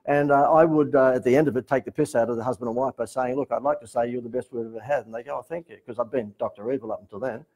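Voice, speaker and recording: A man's voice: mid-range voice, steady tone, rapid-fire, few pauses, a little mellow, low-quality recording. A man with an Australian accent giving a live seminar talk to a room, telling stories in a joking, sarcastic way. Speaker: seminar presenter.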